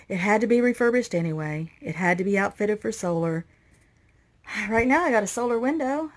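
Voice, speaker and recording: A woman's voice: medium pitch, animated, moderate pace, pauses often. A woman giving a casual, rambling walkthrough vlog inside an old motorhome, sounding stressed and overwhelmed as she talks straight to her viewers. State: overwhelmed and anxious. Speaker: vlogger renovating an old RV.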